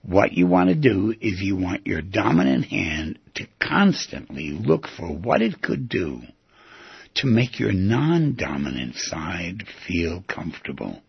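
A man's voice: low-pitched, big pitch swings, unhurried, vocal fry, breathy edge, no room sound. A man teaching an inner-dialogue exercise, speaking in an earnest, coaching manner, recorded on a dull lo-fi track. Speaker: self-help teacher. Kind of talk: guided instruction.

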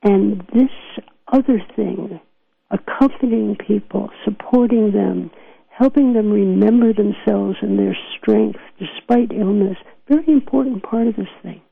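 A woman's voice: medium pitch, a little slow, creaky, husky, no echo. An older woman physician with a New York accent, telling stories earnestly in an interview and laughing often. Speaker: physician guest. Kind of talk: reflective interview talk. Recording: dry tinny phone line.

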